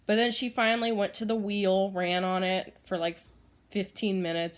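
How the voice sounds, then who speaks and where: A woman chatting casually in a home vlog, rambling with lots of fillers and frequent laughs. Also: medium pitch. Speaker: vlogger. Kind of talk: casual chat.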